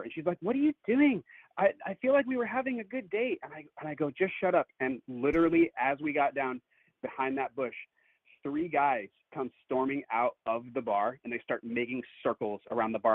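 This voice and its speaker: A male caller telling a long story in a casual, animated way, acting out the quotes. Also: medium pitch, no room sound. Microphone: phone. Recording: tinny phone line.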